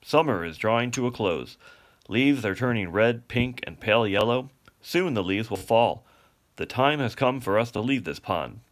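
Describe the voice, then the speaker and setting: A pompous, long-winded father swan, as a man reads him. He lectures in grand, flowery speeches at an ordinary mid pitch, like a bedtime story read aloud. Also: animated, normal speed, natural voice. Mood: lecturing.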